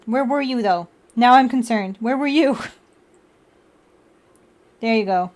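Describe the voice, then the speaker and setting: A woman's voice: a little high, unhurried, darkish tone. A young woman hosting a casual livestream, chatting and laughing, cooing at her cats between remarks to viewers. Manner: giggly, chatty, baby-talks to her cats. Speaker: livestream host.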